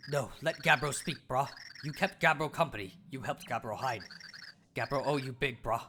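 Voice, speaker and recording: A man's voice: medium pitch, normal speed, sharp tone, a little hiss or hum, pitched below the performer's own voice. A man reading a loyal cave creature from a video game that speaks in broken, slangy sentences. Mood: earnest. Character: simple-talking cave creature, gruff and loyal.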